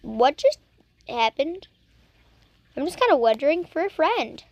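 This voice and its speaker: High-voiced young woman reacting on camera. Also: very animated, a little slow, dull audio. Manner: chatty and teasing, talking back at the screen. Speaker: reaction video host. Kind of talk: casual reaction commentary.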